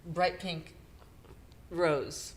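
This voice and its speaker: A middle-aged woman co-hosting a podcast, retelling a painful personal story in a halting, emotional way with nervous laughs. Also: on the low side, steady tone, slight background noise. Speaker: podcast co-host.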